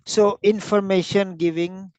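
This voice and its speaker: A man's voice: sits high, fairly even intonation, a little slow, darkish tone, smooth, no echo, rough recording. A man teaching a lesson on word and sentence stress for clinical speaking, stressing and repeating words to show the point. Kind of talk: lecture on clinical speaking skills.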